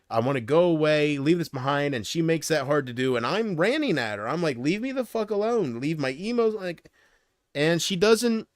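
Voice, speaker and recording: A man on a livestream talks straight to his chat in a loose, rambling rant full of swearing and restarts. His voice sits a bit high for a man. The sound is dry and close, with no room around it. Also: no room sound. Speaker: livestream host.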